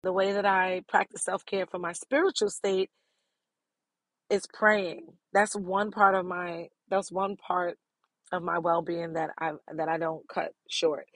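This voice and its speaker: A middle-aged woman talks through her self-care podcast in a relaxed, candid way. Her voice sits low, and she laughs easily between thoughts. The recording is close and dry, with no room sound around her. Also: measured pace, dry recording. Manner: candid, chatty, laughs often. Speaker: podcast host.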